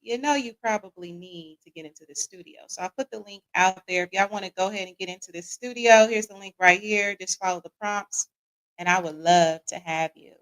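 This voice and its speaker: This podcast host, an American woman, talks briskly at a medium pitch on a live-streamed show about relationships. Greeting viewers by name, she habitually ends lines with "right?" and uses easygoing Southern-style slang such as "y'all." The audio is poor.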